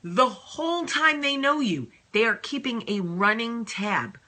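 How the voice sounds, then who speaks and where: A woman hosting a casual advice vlog, talking in an animated, emphatic and sassy way. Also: on the high side, unhurried. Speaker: host.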